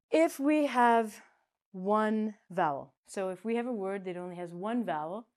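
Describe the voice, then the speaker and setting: A woman teaching an English pronunciation lesson in a playful, chatty way, now loud, now soft. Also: medium pitch. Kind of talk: casual spoken lesson.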